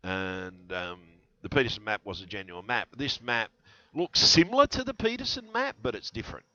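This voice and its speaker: A man's voice: lowish voice, expressive, normal speed, bright, forceful tone, no room sound. A man rambling to his viewers in a conspiratorial vlog monologue, full of fillers and restarts, on a headset mic. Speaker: vlogger. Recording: dull lo-fi headset audio.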